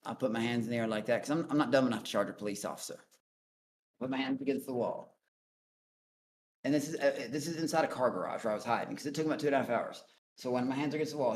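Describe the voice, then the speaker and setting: A man's voice: mid-range voice, a little hiss or hum. A man telling a story as a guest on a call-in show, blunt and profane, rambling through his account. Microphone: online voice chat.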